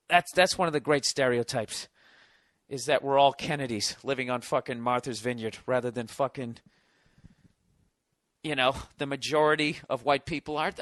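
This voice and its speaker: American male podcast host, high and bright, biting sarcastic rant full of swearing, dry close sound. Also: dry recording. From United States. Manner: sarcastic, profane, mocking. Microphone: studio podcast mic.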